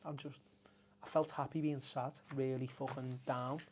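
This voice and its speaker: A man's voice: mid-range voice, little pitch movement, normal speed, darkish tone, slight background noise. A middle-aged man, a café owner speaking candidly as a podcast guest, raw and emotional, swearing often and breaking off to restart his sentences. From Liverpool, England. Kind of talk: candid conversational storytelling.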